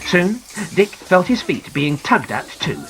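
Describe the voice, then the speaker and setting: Expressive man narrating an adventure storybook. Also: high voice, unhurried, noisy background. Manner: dramatic, very expressive. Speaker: audiobook narrator. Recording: narration over clear music.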